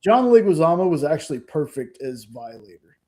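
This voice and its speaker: Mellow-voiced enthusiastic man chatting. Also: a little high, big pitch swings, a little fast. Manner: enthusiastic, repeats himself. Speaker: podcast co-host. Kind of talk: casual chat.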